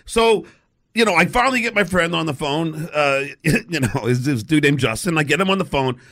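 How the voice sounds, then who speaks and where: A man's voice: fairly high pitch, lively intonation, normal speed, gravelly, fairly bright tone. A man guest on a radio show, telling a story with stammers, laughs and swearing, acting out the people in it. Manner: stammering, laughing, swearing, acts out other voices. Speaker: guest comedian. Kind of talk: telling an anecdote.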